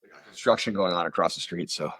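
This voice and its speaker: A man's voice: low voice, quick pace, fairly bright tone, breathy edge, dry recording. A man being interviewed about his acting career over a video call from home, telling long rambling stories with lots of fillers and self-mocking asides. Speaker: actor guest. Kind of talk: casual interview storytelling. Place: home room. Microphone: computer on video call.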